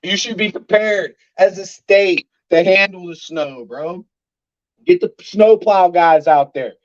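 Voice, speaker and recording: A man's voice: a little high, lo-fi sound. A man, angrily ranting on a live stream as a sports fan and swearing often. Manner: angry, profane ranting.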